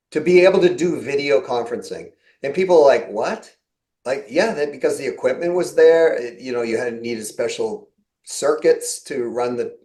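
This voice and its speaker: A man's voice: medium pitch, a little mellow, echoey room, low-quality recording. A middle-aged man hosting a podcast, telling stories in a casual way and acting out quoted conversations. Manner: storytelling, acts out quoted exchanges with laughs. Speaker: podcast host.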